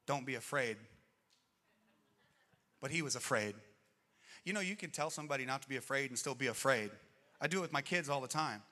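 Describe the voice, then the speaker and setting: A middle-aged man preaching a sermon as pastor, swinging between loud outbursts and hushed, slow passages. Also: mid-range voice. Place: church auditorium. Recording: long reverb of a church hall.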